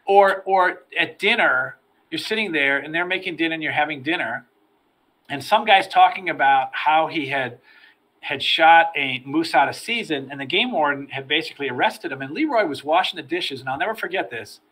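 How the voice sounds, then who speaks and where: Animated storyteller with a bright, forceful voice. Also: male voice, a little high, normal speed. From United States. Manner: animated storyteller, repeats words when starting sentences. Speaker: interview guest, former FBI agent. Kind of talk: storytelling in a podcast interview.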